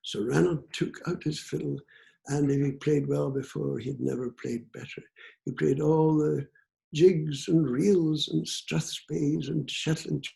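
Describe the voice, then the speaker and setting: An older Scottish man telling a traditional folk tale in an unhurried, rhythmic way with repetitions, in a living room. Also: a little high, fairly even intonation, creaky, warm tone. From Scotland. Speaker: storyteller.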